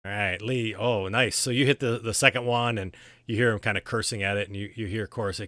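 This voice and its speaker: A man narrating a tabletop game as game master in a casual, halting way with many fillers. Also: on the low side, steady tone, fairly bright tone, no echo.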